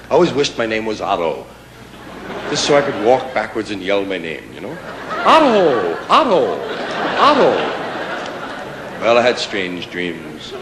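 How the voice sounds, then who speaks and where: Male stand-up comic, lively swooping delivery, roomy live hall with audience roar and noise. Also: medium pitch. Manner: animated, mock-incredulous, playful emphasis. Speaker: stand-up comedian. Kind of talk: stand-up comedy routine. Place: live stage before an audience. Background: audience laughter and crowd noise.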